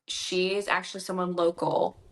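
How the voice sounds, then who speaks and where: A woman with a lowish voice, speaking at a normal speed, appears as an author guest in a casual interview. She's chatty and gets emotional, quoting other people in animated voices.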